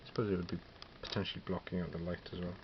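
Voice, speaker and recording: This miniature wargaming hobbyist from Wales speaks very fast in a low voice that barely moves in pitch. He's casually presenting his collection of figures, musing aloud with lots of fillers and correcting himself as he goes. Background noise comes through clearly on a slightly dull, lo-fi recording.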